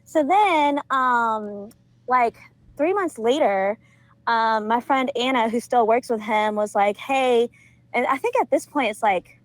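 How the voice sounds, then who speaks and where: A woman's voice: a little high, takes it slowly, dry recording, poor audio. A young woman from Georgia telling a story in casual conversation as a podcast guest, full of filler words and frequent laughter. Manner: chatty, leans on filler words and laughs often.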